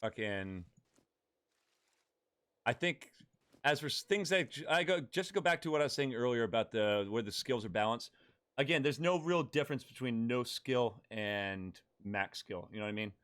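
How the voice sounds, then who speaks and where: A man's voice: medium pitch, lively intonation, moderate pace, fairly bright tone, clean tone. Blunt, foul-mouthed male streamer. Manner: blunt, heavy swearing. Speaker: gaming live streamer. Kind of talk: casual live-stream chat.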